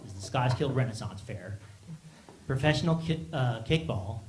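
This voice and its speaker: A man doing a stand-up set on a small theater stage, talking haltingly with many ums and restarts. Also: medium pitch, animated. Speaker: stand-up comedian. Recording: echoey room, loud background noise. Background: audience laughter.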